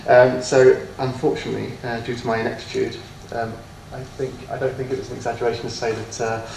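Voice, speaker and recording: A man gives a talk in a lecture room, heard from some way off the mic with an echoey room around him. His delivery is halting and self-deprecating, full of ums and false starts. A faint hiss sits under the voice. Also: mid-range voice, little pitch movement, vocal fry, recorded from a distance. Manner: hesitant, many ums and restarts, self-deprecating. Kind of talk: autobiographical lecture.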